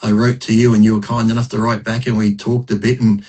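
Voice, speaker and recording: A man's voice: fairly low pitch, flat delivery, quick pace, a little mellow, slightly rough, poor audio. A middle-aged man, telling stories in a blunt, profane, self-mocking way as a podcast guest. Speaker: podcast guest, retired bodybuilder. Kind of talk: casual interview storytelling.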